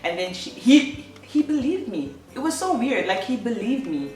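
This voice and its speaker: A woman's voice: on the high side, big pitch swings, moderate pace, darkish tone, recorded from a distance. A young woman telling a personal story on her vlog, chatty, with lots of fillers and self-corrections. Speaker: vlogger. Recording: echoey room, voice off-mic, faint music.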